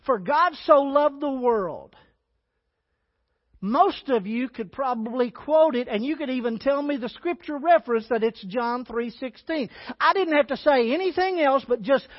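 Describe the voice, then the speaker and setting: A man preaching a sermon, reading scripture aloud and stressing key words with emphatic, deliberate phrasing. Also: very high-pitched, no echo, muffled recording. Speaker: pastor.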